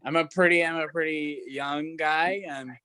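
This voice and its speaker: A man of twenty performing a stand-up set, self-deprecating and halting, with lots of fillers. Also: fairly high pitch, steady tone, sharp tone, clean tone. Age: 20s. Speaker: stand-up comic. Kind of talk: stand-up set over a video call.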